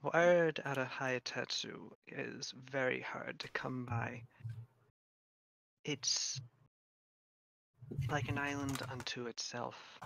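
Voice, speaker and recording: A man running a tabletop game as game master, narrating and giving wry, deadpan rulings. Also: medium pitch, slow pace, vocal fry, long pauses, slight background noise.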